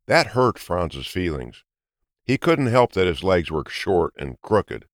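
A man reading a children's story aloud in an expressive, lilting way. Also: deep voice, slow pace, no echo, studio quality. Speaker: narrator. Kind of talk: storybook narration.

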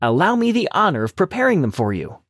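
A man voicing a clever, quick-witted male rabbit trickster in a read-aloud storybook, with a cheeky, high, quick delivery. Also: sing-song, fairly bright tone, no echo, clean studio sound, full character voice. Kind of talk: storybook narration.

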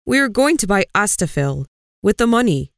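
A woman's voice: mid-range voice, very animated, normal speed, no echo, clean studio sound. A woman voicing a stubborn boy in a storybook reading, insisting on his choice. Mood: insistent.

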